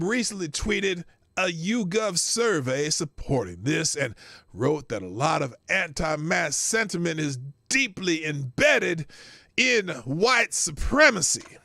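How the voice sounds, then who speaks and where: Male show host, sarcastic news reader, gravelly, very animated delivery, dry close sound. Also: a little high, a little slow, no room sound. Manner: sarcastic, stumbles over words and laughs at himself. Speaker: podcast host. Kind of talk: reading news aloud with sarcastic commentary.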